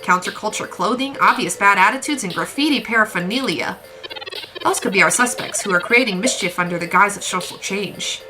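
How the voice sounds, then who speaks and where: A woman's voice: mid-range voice, a little fast, lightly acted, poor audio. A woman voicing a polite, formal robot companion with old-fashioned wording, reading game dialogue while she plays. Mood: earnest. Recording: game music behind.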